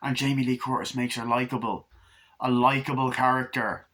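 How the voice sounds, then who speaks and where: A man giving a casual, rambling movie review, swearing often and acting out scenes in quick put-on voices. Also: medium pitch. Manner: excited, rambling, swears a lot, acts out scenes.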